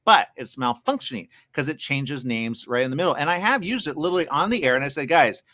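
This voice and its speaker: A man hosting a live interview, rambling and excitable, acting out the conversations he has had. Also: a little high, quick pace, no echo, clean studio sound. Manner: rambling, excitable, acts out quoted exchanges.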